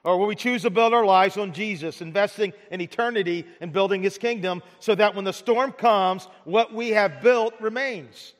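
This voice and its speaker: A man's voice: sits high, moderate pace, hardly any pauses. A male pastor preaching a sermon, with many stammering restarts and rhetorical questions to the congregation. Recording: long hall reverb.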